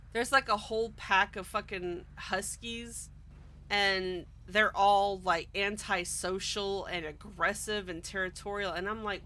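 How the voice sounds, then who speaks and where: A woman's voice: mid-range voice, bright, forceful tone. A woman streamer chatting casually while she plays, exasperated and ranting, swearing often. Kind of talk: casual roleplay stream chat.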